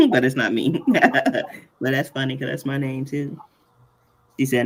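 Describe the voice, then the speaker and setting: A man's voice: medium pitch, huge pitch swings, slow, long pauses. A man hosting a casual live tutorial, chatty and playful, often laughing between points. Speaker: workshop host.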